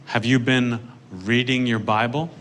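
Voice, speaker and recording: A comedian doing a calm, pious old grandmother. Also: medium pitch, measured pace, slight background noise, lightly acted. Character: pious, tight-fisted elderly grandmother.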